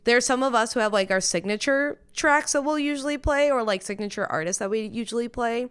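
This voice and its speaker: A woman's voice: a little high, clear, resonant tone. A woman on a podcast explaining how she DJs, chatty and full of "like"s. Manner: chatty, quick explanations with many "like"s. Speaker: podcast guest, DJ. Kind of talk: casual podcast chat.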